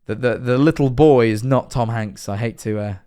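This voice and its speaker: A man's voice: mid-range voice, normal speed, dark tone, clear, resonant tone. A young man, chatting and joking with viewers during a live-stream reaction.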